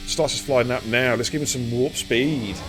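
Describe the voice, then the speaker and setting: A middle-aged man, hosting a live sim racing stream with loud, excitable hype and cheeky banter. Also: medium pitch, normal speed, very noisy. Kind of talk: live esports race commentary.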